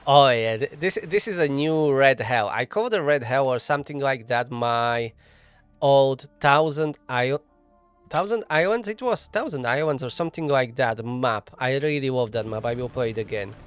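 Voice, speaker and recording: The voice is mid-range, clear and resonant, at a moderate pace with no echo. He's a gaming channel host thinking aloud during a casual let's play on a desk microphone, frequently chuckling and gently mocking himself.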